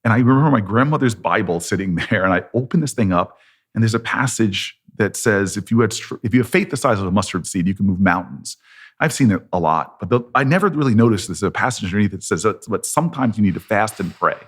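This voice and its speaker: American guy in his 50s spinning a story, lowish voice, does the voices of everyone in it. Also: fast talker, husky. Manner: lively storyteller, acting out both sides of conversations, laughing between lines. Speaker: politician guest. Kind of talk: animated storytelling.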